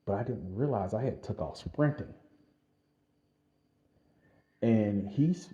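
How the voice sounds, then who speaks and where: A man with a very deep voice tells a story from his own life as a casual vlog. He talks in an animated way, laughs often and leans on fillers. The sound is dull and slightly lo-fi. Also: a little slow, long pauses. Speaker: vlogger telling a personal story.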